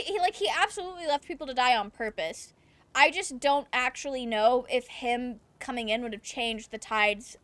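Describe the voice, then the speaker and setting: A woman's voice: sits high, fairly bright tone. A young woman streaming a video game, chatting casually and reading chat aloud, laughing often and ranting with swearing. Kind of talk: casual gameplay commentary.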